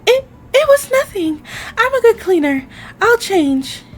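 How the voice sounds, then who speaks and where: A woman's voice: very high-pitched, sing-song, a little slow, faint music behind, pitched above the performer's own voice, full character voice. A woman voicing a timid young female barista who talks nervously and stammers. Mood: shy.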